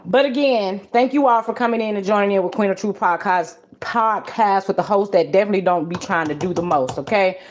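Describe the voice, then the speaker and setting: A woman's voice: mid-range voice, fairly quick, hardly any pauses, a little hiss or hum. A woman hosting a podcast livestream, talking casually and bluntly, with plenty of swearing and frequent laughs. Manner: blunt, profane and chatty; laughs often. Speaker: podcast host.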